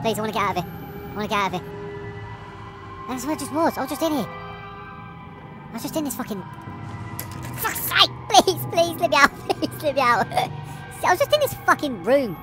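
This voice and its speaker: A woman's voice: sits high, sing-song, normal speed, long pauses. A woman giving let's play commentary while playing a horror game, panicky, swearing constantly and laughing nervously, with game music behind her.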